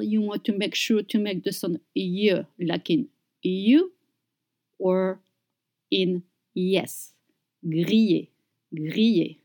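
A woman teaching pronunciation, saying each word slowly and clearly and repeating it for learners. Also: mid-range voice, darkish tone. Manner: slow, deliberate, repeats words for learners. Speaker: French teacher. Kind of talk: slow pronunciation lesson.

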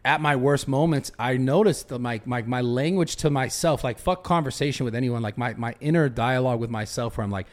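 A man's voice: medium pitch, a little fast, few pauses. A young man on a podcast, telling a story animatedly, swearing a lot and restarting his sentences. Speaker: podcast host. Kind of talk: casual podcast chat.

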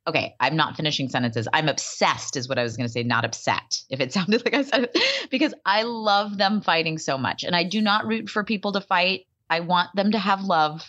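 Expressive woman, muffled podcast audio. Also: fairly low pitch, brisk, few pauses. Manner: expressive, laughs often, voice swings up and down. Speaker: podcast co-host. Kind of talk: casual chat recapping a reality show.

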